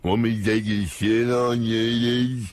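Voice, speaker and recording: A man playing a slow, dim-witted, crude grown man in a radio impression entry. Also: medium pitch, little pitch movement, dry recording, close to an everyday voice. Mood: dopey. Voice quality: plodding, crude.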